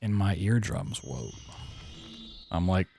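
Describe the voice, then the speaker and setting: A young man casually chatting to his viewers while speedrunning a game, relaxed and playful. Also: low-pitched, slow pace, vocal fry, a little hiss or hum. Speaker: speedrunning streamer. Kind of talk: casual live-stream commentary while playing.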